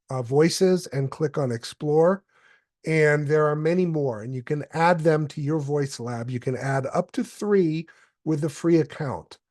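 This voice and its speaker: A man presenting a step-by-step software tutorial, explaining calmly with occasional fillers. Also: on the high side, no room sound, studio quality.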